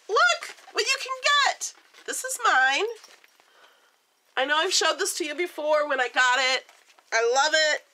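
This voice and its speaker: Jittery woman vlogging, high bright voice, rambles all over the place. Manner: rambling, giddy and scattered, laughing at herself. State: jittery and overstimulated. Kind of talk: casual vlog chat.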